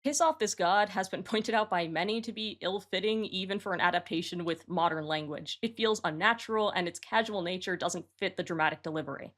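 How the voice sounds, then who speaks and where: Her voice sits on the low side with a fairly bright tone, and she speaks fairly quickly, barely pausing. Hosting her own channel, this woman reworks song lyrics while giving matter-of-fact, analytical commentary straight to camera.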